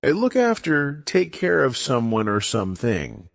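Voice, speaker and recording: A man narrates a scripted English lesson in a slow, deliberate way. His pitch swoops up and down dramatically from phrase to phrase. The recording is dry and close, with no room sound. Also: huge pitch swings, creaky, no room sound. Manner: slow, deliberate delivery with strongly rising and falling pitch. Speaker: English teacher.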